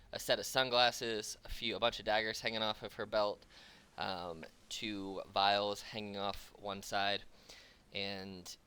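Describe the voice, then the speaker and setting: A man's voice: fairly low pitch, sharp tone, smooth. A man narrating a tabletop role-playing game as game master, in loose, casual talk full of fillers.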